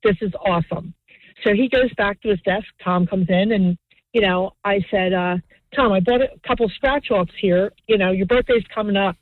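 A woman phones in and tells her story with animation, jumping into the voices of the people in it. She talks at a middling pitch. The sound is a thin, dry phone line. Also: moderate pace, no room sound. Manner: animated storyteller, acts out quotes. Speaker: caller.

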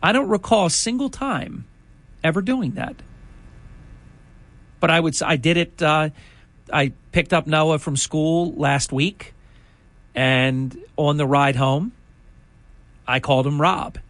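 Older male talk host, slightly high voice, dry booth sound, conversational and indignant. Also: takes it slowly, long pauses, fairly bright tone, no echo. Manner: indignant, conversational, rambling asides. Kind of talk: political talk commentary.

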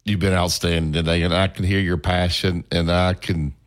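Man hosting sports radio, very low deep voice, reads sponsor plugs. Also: flat delivery, normal speed. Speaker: radio host.

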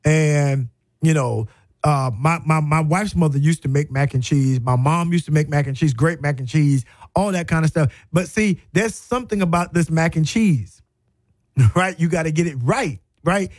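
Animated male radio host. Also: on the high side, normal speed, no echo. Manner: animated, emphatic, folksy, repeats phrases. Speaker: radio talk show host. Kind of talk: storytelling monologue. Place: radio studio.

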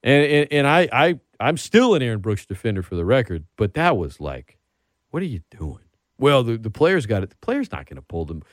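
A man's voice: mid-range voice, brisk, dry recording, clean studio sound. A man hosting a casual sports talk show, rambling and getting worked up as he talks. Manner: animated, rambling, gets worked up. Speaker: podcast host.

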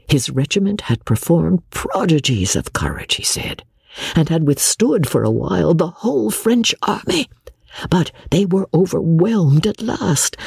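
A man narrating a classic novel as an audiobook, reading in an expressive storyteller's manner. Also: fairly high pitch, gravelly, husky, no room sound, studio quality.

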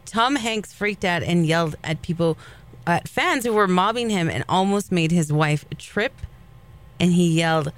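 A woman co-hosting a morning radio show and telling entertainment news in a playful, animated way. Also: lowish voice, a little slow. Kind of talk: casual radio banter.

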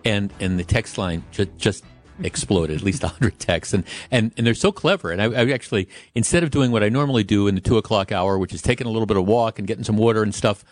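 A man's voice: fairly low pitch, fast, no room sound, faint music behind. A middle-aged man from Wisconsin hosting a radio talk show, rambling chattily with many restarts. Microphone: studio microphone.

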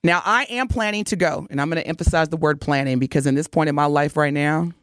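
A woman co-hosting a radio show in casual banter, expressive and playful, recorded on a studio microphone. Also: sits low, fast talker, no room sound. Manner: expressive, playful, bursts into exclamations. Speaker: radio co-host.

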